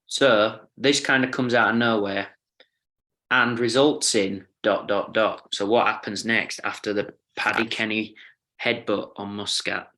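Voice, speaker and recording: A man's voice: fairly low pitch, fairly even intonation, bright, forceful tone. A man co-hosting a casual podcast, telling jokey made-up stories and laughing along. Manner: slow, jokey storytelling. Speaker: podcast co-host. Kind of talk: casual chat.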